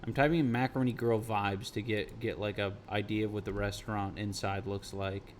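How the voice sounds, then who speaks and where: A man's voice: fairly low pitch, little pitch movement, brisk, slight background noise. A man streaming, chatting casually with his viewers in a rambling, profane way. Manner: rambling, profane, reacting to chat. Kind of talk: casual livestream chat.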